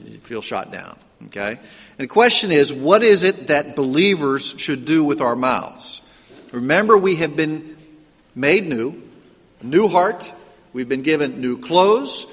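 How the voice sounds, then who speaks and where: A man's voice: on the high side, a bit bright, big-room sound. A man from Pittsburgh with a trace of a Pittsburgh accent, preaching a sermon as a pastor in a conversational way, full of rhetorical questions and restarts. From Pittsburgh, Pennsylvania. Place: church sanctuary.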